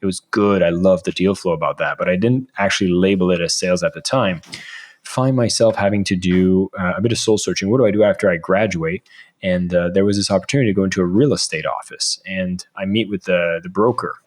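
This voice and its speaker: A man's voice: deep voice, fairly quick. A man in his thirties, a podcast guest, telling a casual story and acting out his own past lines.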